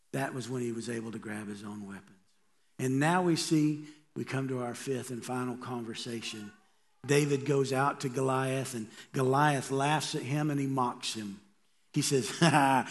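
Man preaching a conversational sermon. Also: mid-range voice. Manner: conversational preaching with rhetorical questions. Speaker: pastor.

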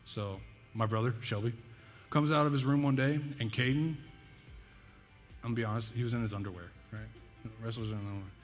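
A man's voice: medium pitch, steady tone, fast, pauses often. Young preacher man in a reverberant hall. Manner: conversational, jokey, self-deprecating, with fillers and laughs. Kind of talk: casual sermon with storytelling. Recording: long hall reverb, faint music behind.

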